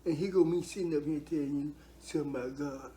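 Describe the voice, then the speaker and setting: Older man, mellow dark voice, earnest, preachy, repeats himself, heartfelt testimony. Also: fairly high pitch, steady tone, fast, a little hiss or hum.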